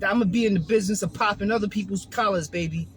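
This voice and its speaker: A man's voice: sits high, fast, a little hiss or hum, low-quality recording. A man with a Brooklyn New York accent delivering a profane, streetwise motivational rant from inside his car. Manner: profane, streetwise, hyped-up preaching. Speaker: vlogger.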